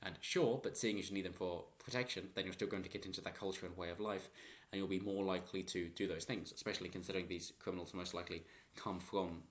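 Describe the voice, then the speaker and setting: A man's voice: low voice, steady tone, fast, few pauses, slight background noise. A man giving rambling, opinionated political commentary in a vlog and chuckling often.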